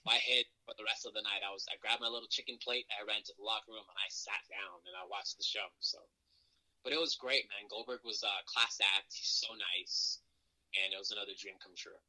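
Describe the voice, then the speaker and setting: A lowish, very bright and forceful male voice, talking loosely as a guest on a podcast. He tells his stories with lively acted-out quotes and frequent laughter at himself. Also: fairly quick, poor audio. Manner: animated, acts out quotes with jumps in pitch; self-deprecating, laughs often. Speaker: professional wrestler guest. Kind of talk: casual storytelling interview.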